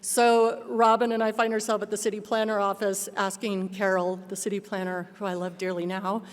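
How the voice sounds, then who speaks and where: A middle-aged woman giving a personal testimony speech as a guest speaker, telling her story in a lively way and acting out what others said. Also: medium pitch, normal speed. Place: large banquet hall. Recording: long hall reverb.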